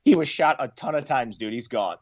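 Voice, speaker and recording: A man's voice: medium pitch, animated, a little fast, dry recording. A man, a former Marine, telling war stories casually on a podcast, acting out quotes in raised voices. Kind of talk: casual storytelling.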